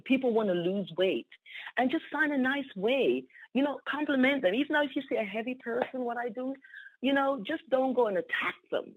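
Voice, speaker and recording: An exuberant woman tells her success story on a conference call. She talks in bursts, repeats herself often and laughs easily. The sound is thin and tinny, like a phone line. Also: a little high. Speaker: team member sharing a testimonial. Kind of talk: excited phone testimonial.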